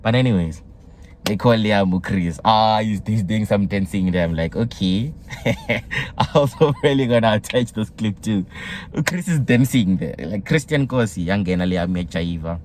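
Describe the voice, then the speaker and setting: A young South African man telling a story in a casual vlog, excitable and mixing slang with local words. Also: lowish voice, measured pace. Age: young adult. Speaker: vlogger.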